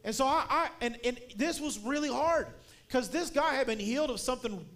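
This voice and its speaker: High-voiced preacher telling a story. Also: male voice, animated, brisk. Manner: storytelling, building to shouted emphasis. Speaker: guest preacher. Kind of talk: sermon.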